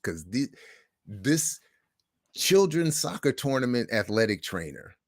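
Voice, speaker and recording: A middle-aged man hosting a livestream, telling stories in a casual monologue with animated swings between hushed and loud. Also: medium pitch, measured pace, no echo, clean studio sound. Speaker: livestream host.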